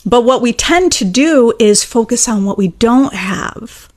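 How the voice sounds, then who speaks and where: A woman coaching on manifesting in a relaxed, conversational talk. Her voice sits a little high. She presses her points earnestly, circling back to repeat them until they land. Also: unhurried. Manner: earnest, emphatic, repeats key phrases. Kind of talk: casual teaching monologue.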